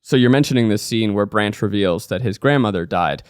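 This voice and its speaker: A man's voice: lowish voice, brisk, clear, resonant tone. A man hosting a podcast, chatting casually with jokes and quoted lines. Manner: jokey, self-mocking, quotes lines in voices. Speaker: podcast host. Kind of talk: casual chat.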